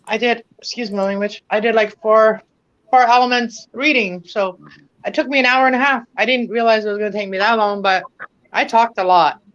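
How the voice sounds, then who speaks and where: A woman's voice: a little high, a little fast, a bit bright. A middle-aged woman from Ontario, chatting casually and rambling a little as she joins a livestream. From Canada (Ontario). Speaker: viewer joining a livestream. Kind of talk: casual chat. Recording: muffled lo-fi audio.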